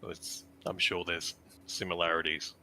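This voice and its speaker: A man's voice: low voice, flat delivery, unhurried, sharp tone, a little hiss or hum. A man playing his character at a tabletop game, giving earnest, speech-like addresses. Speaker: player.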